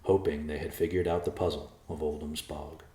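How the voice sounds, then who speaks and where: A man narrating a storybook chapter with a steady, expressive reading. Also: very deep voice, brisk, echoey room. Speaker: audiobook narrator.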